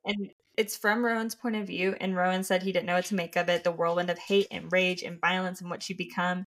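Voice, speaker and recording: A woman's voice: on the low side, level tone, fairly quick, fairly bright tone. A young woman co-hosting a book podcast, enthusiastically discussing and reading passages aloud. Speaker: podcast co-host.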